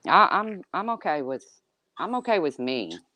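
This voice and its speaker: A hesitant woman with a Midwestern accent, co-hosting a casual chat and often stumbling over her sentences before finishing them. Her voice is notably low for a woman. It sounds dry and close, with no room around it. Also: very animated, moderate pace, sharp tone, no room sound. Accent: Midwestern American. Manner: hesitant, restarts often, apologetic.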